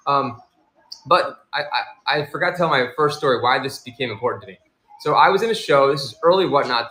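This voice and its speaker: Man, live-stream host, casual rambling chat, animated, bright voice, slightly high pitch. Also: roomy sound. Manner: rambling, animated storyteller acting out quoted people. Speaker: livestream seller and host.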